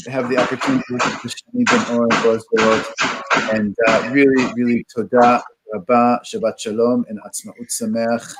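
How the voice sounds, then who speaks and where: A man hosts an online session and wraps it up, thanking the panelists in a loose, casual way full of fillers. His voice sits at an ordinary middle pitch. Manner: warm thanks, many you-knows and fillers. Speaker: host closing a panel session. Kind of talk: casual closing remarks.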